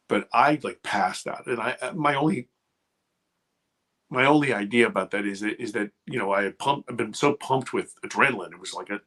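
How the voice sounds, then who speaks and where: A man in his fifties, a radio show guest, retelling a frightening childhood memory in halting, emotional speech. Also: on the low side, a bit bright. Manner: emotional, halting, restarts under strain. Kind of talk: personal story on a talk radio show.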